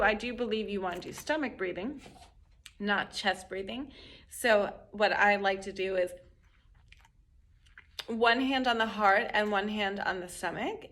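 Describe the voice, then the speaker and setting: Bright-voiced woman coaching parents. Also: fairly high pitch. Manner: conversational, acts out quotes with animated voices. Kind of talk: instructional talk to camera.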